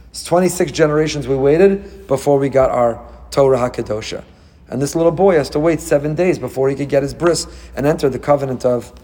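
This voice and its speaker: A man giving a sermon as a rabbi, animated and full of rhetorical questions, with Hebrew terms mixed in. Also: mid-range voice.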